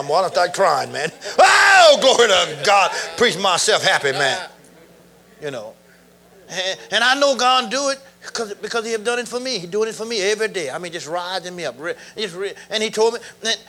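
Preacher, man, middle-aged, high bright voice, lively, laughing and shouting through the sermon. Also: brisk.

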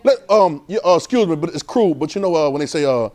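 Male preacher with a high voice, casual and animated delivery, repeats himself for emphasis. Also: quick pace. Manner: animated, repeats phrases, swings between loud and soft. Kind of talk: informal conversational sermon.

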